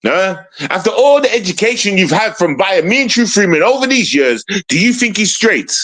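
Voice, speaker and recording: A man's voice: high voice, big pitch swings, moderate pace, fairly bright tone, low-quality recording. A man hosting a live stream show, taunting and mocking someone with a stream of rhetorical questions and repeated call-outs to his audience. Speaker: show host.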